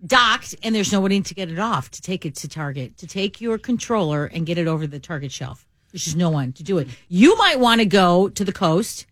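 A woman's voice: lowish voice, animated, brisk, no room sound. A woman co-hosting a radio show, speaking in casual, playful, teasing banter. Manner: playful, teasing, laughs often. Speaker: radio co-host.

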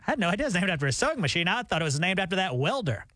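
A man co-hosting a morning radio show, chatting and telling stories in a jokey, animated way. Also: sits high, very fast, no echo, studio quality. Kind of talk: casual radio banter. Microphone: studio microphone.

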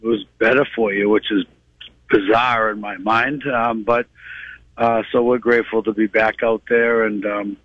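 A man with a Boston accent calling in by cell phone from a moving tour bus, talking in a relaxed way with many fillers. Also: fairly low pitch, moderate pace, no echo. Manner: relaxed, filler-heavy, says "you know" a lot. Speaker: guest musician calling in. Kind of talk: phone interview. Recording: dull cell phone line.

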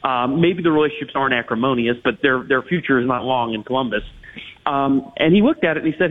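Hockey analyst on a tinny phone line. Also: male voice, mid-range voice, fast talker. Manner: talks in long hedged runs with many restarts and fillers. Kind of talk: radio interview analysis.

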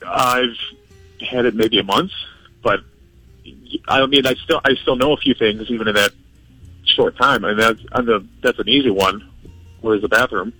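A male caller with a bright, tense voice who hesitates and fills his sentences with ums as he defends himself. Soft music plays underneath. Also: medium pitch, moderate pace, long pauses, slightly rough, no room sound, poor audio. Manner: hesitant, defensive, filler-heavy. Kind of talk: phone prank call.

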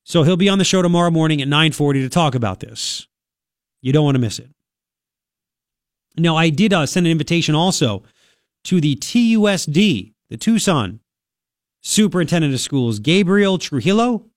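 A studio-recorded radio host, dry and without reverb, talks in a fairly high, animated voice at a moderate pace, leaving long pauses. He has a cold and keeps sniffling, reading the news aloud with sarcastic, chatty asides in a loose talk radio style.

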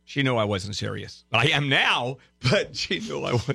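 A man hosting a radio talk show in a studio, bantering casually with irreverent dark humor and halting, filler-heavy delivery. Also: medium pitch, very animated, vocal fry, husky, no echo. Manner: halting, with many filler sounds. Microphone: studio microphone.

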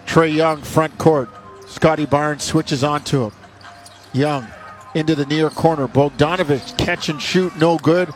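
Man, play-by-play announcer, clipped rapid calls, somewhat high voice, faint music behind. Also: fairly even intonation. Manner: rapid clipped calls, rising on made shots. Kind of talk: basketball play-by-play commentary.

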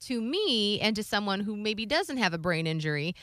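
A bright, forward woman in her thirties tells a family story in easy conversational style, full of "like" and acted-out quotes. The sound is dry and close, with no room around it. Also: mid-range voice, normal speed, no room sound. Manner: animated, acts out quotes, many "like"s. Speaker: guest sharing a personal story.

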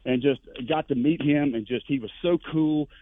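A man calling in to a sports radio show, telling stories in an animated way with voices for the people he quotes. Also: fairly high pitch, normal speed, a little hiss or hum. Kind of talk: casual storytelling on a phone line. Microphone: telephone. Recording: tinny dry phone line.

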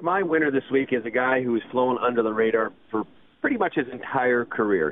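Chatty male golf radio co-host in his fifties, laughing easily, narrow lo-fi audio. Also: mid-range voice. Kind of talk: casual radio chat.

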